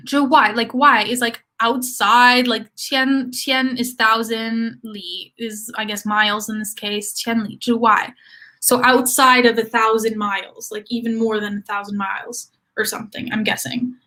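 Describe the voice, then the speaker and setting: A woman's voice: a little high, fairly bright tone. A young woman hosting a casual study livestream, chatty and rambling with lots of fillers, reading out viewer comments as she goes. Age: young adult. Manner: reads comments aloud and answers viewers.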